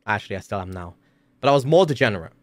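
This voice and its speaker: A man's voice: lowish voice, expressive, very fast, no echo. A man streaming from home, telling a story in a casual, rambling way with lots of filler words and swearing.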